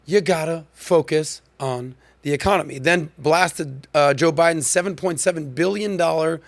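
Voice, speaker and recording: A podcast host talks in a high, gravelly voice and sounds animated and punchy. He leans hard on key words as he comments. The sound is dry and close, as if he is right at the mic. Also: normal speed, dry recording.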